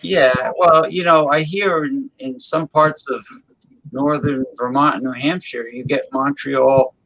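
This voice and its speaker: A man's voice: medium pitch, steady tone, unhurried, fairly bright tone, poor audio. A man co-hosting a casual talk show, rambling with lots of fillers and restarts. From New Jersey. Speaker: co-host. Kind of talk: casual chat.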